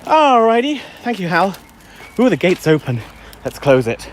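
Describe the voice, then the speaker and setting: Chatty man, animated delivery, livestreaming outdoors from a handheld phone. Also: high-pitched, measured pace, background noise. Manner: chatty, ranting, playfully crude. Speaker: vlogger livestreaming a dog walk. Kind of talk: casual chat while walking. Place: outdoors in woods.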